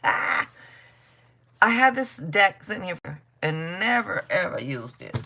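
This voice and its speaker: A woman's voice: fairly low pitch, big pitch swings, takes it slowly, pushed and bright, slight background noise. A middle-aged woman giving a live tarot reading in a casual, blunt, chatty way, swearing freely and laughing often. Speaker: tarot reader.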